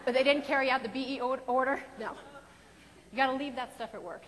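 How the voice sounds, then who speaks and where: A woman in her forties giving a humorous keynote speech on stage, animated and theatrical, with quick bursts and dramatic pauses. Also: high voice. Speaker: keynote speaker and performer. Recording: long reverb of a large hall.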